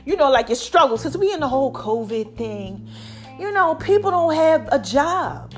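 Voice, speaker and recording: A middle-aged woman in a casual motivational vlog, chatty and animated, repeating catchphrases, her voice a little deepened by allergies. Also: normal speed, soft background music. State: voice a bit deep from allergies. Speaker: online personality talking to followers.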